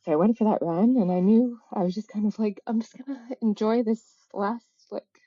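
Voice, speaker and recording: A woman in her thirties telling a personal story as a podcast guest, halting and reflective, full of "like" fillers and self-corrections. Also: medium pitch, fairly even intonation, dark tone, no echo, dull audio. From United States. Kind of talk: candid personal storytelling in a casual interview.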